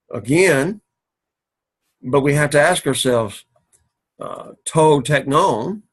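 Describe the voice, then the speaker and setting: Male teacher, mid pitch, slightly husky, methodical lecture delivery with frequent repetition. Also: a bit bright. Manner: methodical, repeats and rephrases, pauses to clear throat. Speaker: Greek teacher. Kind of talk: recorded classroom lecture. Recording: recorded for an online class.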